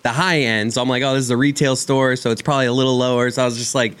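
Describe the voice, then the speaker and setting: Male co-host, mid-pitched, quick teasing rambler, faint background hiss. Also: steady tone, fairly bright tone. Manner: teasing, rambling with many fillers. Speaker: radio co-host. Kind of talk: casual sports-radio banter.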